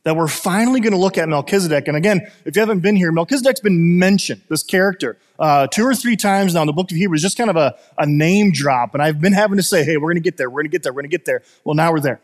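A man's voice: on the high side, in a large hall. A man preaching a sermon as pastor, talking conversationally and telling stories with many fillers and restarts.

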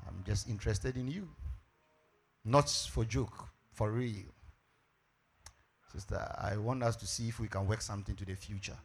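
A preacher acts out a courting man with a deep, hushed, coaxing voice. His delivery is unhurried and soft, with some gravel and a husky breath in the tone. He speaks in a gentle, persuasive way. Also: fairly even intonation. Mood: tender coaxing. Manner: low, soft, slow and coaxing. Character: smooth-talking adult male suitor proposing in church.

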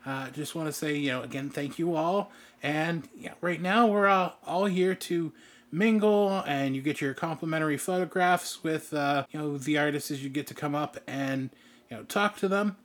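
A man's voice: a little high, normal speed, voice pushed up, lightly acted. A man voicing a polite male event manager giving a formal welcome. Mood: welcoming.

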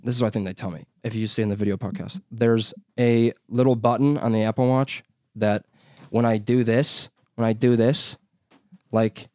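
A man's voice: medium pitch, steady tone, moderate pace, dark tone, dry recording, clean studio sound. A young man co-hosting a podcast, telling rambling stories in casual chat and cursing a lot. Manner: profane, rambling storytelling. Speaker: podcast co-host.

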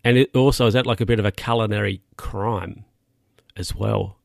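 A man's voice: on the low side, steady tone, normal speed, vocal fry, dry recording, clean studio sound. A man hosting a casual solo podcast, rambling and correcting himself as he talks. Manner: rambling, self-correcting, chatty asides. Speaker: podcast host. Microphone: podcast mic.

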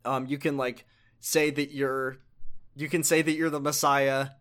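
A man's voice: mid-range voice, flat delivery, measured pace, a bit bright, smooth. Rambling man recapping a game. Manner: rambling, many fillers and self-corrections. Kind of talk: casual chat recapping a video game.

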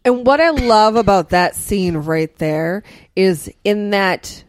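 Slow-talking woman praising a film. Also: mid-range voice, dry recording. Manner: enthusiastic, halting, with repeated words. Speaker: podcast co-host. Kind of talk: casual chat, film discussion.

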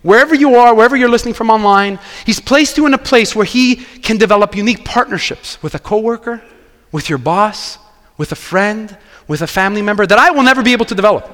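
High-voiced pastor preaching. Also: male voice, fast talker, big-room sound. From Quebec. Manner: animated storytelling, acting out dialogue. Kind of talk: sermon.

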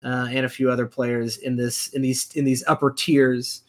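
A man's voice: mid-range voice, flat delivery, moderate pace. A man co-hosting a fantasy basketball podcast, talking casually and emphatically, repeating his points with plenty of fillers. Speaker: podcast co-host.

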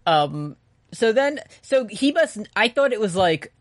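A co-host with a mid-pitched voice, recorded dry and close, rambles through a casual anime recap. The talk is loose and profane, with frequent laughs and acted-out character lines. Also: big pitch swings, unhurried, no echo. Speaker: podcast co-host.

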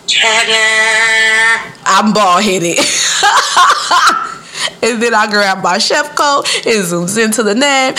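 A woman with a fairly low natural voice hosts a casual solo podcast. She tells stories in loose, slangy speech, laughs often, and leaps up in pitch when she quotes someone. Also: a little hiss or hum. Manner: animated storytelling, laughs often, jumps up high for quoted voices. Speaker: podcast host.

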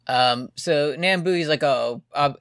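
A man's voice: a little high, a little slow, a bit bright, smooth, dry recording, clean studio sound. A man co-hosting a casual podcast, animatedly retelling scenes and acting out characters' lines. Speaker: podcast co-host. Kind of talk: casual recap chat.

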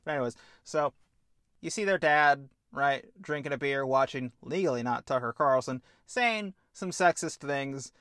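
A man co-hosting a podcast, pitching a film idea in an animated, casual chat and swearing freely. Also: moderate pace, no echo, clean studio sound. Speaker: podcast co-host.

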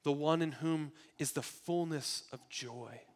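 A man preaching a sermon in an earnest way, moving between loud emphasis and hushed, quiet passages. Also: a little high, unhurried. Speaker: pastor.

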